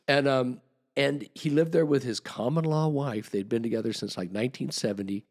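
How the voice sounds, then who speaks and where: A man's voice: mid-range voice, normal speed, a little mellow. A man guest on a podcast, telling a long, rambling story with restarts and acted-out quotes. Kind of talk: casual storytelling.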